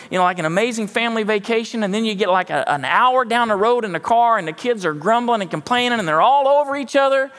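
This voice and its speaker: A man's voice: high voice, a bit bright, long reverb tail. A man preaching a sermon in a folksy, conversational way with joking asides. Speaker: pastor. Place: church sanctuary.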